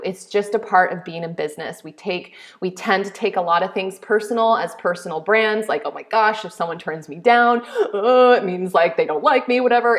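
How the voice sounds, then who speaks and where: A woman in her thirties coaching a workshop on business. She talks in an excitable way, speaking straight to her viewers and building energy as she goes. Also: mid-range voice. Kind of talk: online workshop teaching.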